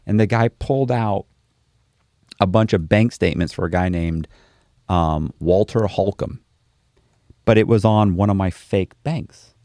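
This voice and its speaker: Man, gravelly voice, lowish pitch, casual interview storytelling, acts out dialogue, dry close sound. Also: a little slow, pauses often, warm tone, no echo. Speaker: interview guest.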